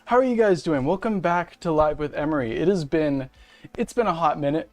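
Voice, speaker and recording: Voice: mid-range voice, animated, fairly quick, darkish tone. A young streamer, self-described femboy, ranting casually and profanely to viewers at a home setup. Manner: profane, rambling, venting. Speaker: streamer, host of the channel. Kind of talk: casual ranting livestream chat. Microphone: webcam and desk mic at home.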